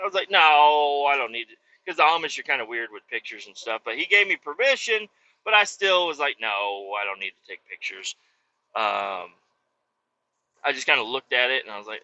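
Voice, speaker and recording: Man, podcast host, lively storyteller with a bright, sharp tone, cursing freely, muffled lo-fi sound. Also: mid-range voice, moderate pace. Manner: animated, swearing, acts out quoted voices. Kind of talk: casual storytelling.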